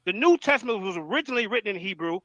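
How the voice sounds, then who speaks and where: A man arguing in a live online debate, combative and rapid, often reading from notes. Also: high-pitched, lively intonation, a bit bright, dry recording, lo-fi sound.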